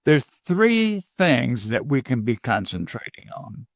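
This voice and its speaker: An older man from Georgia, a communication coach guest, giving measured, deliberate advice in points. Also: medium pitch, sing-song, vocal fry, no room sound. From Georgia, USA. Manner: measured, deliberate, lists points and quotes sayings.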